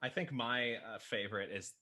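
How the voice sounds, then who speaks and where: Bright-voiced man, upbeat and chatty. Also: medium pitch, normal speed. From Chicago. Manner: enthusiastic, self-deprecating, laughs often. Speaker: writer and podcaster, guest. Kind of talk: casual chat showing off jerseys.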